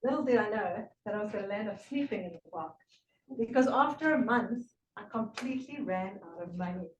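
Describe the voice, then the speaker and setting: A woman's voice: mid-range voice, lively intonation, dull audio, a little hiss or hum. Earnest South African woman giving a speech. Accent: South African English with a slight British tinge. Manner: earnest, with emphatic lists and pauses. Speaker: club speaker. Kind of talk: prepared public speech. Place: meeting room. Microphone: room recording from a distance. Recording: echoey room from far off.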